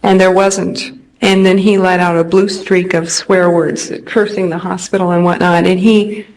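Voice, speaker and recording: A woman from California giving an earnest, unhurried personal testimony, pausing often with hesitations. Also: lowish voice, little pitch movement, darkish tone, poor audio. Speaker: speaker recounting a near-death experience. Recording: restored old recording with faint noise.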